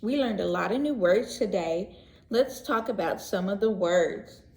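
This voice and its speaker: Woman, preschool teacher, read-aloud lesson, gentle, expressive, slow, echoey room. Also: mid-range voice. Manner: gentle, expressive, asks children questions. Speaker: pre-K teacher. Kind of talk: read-aloud story lesson for young children.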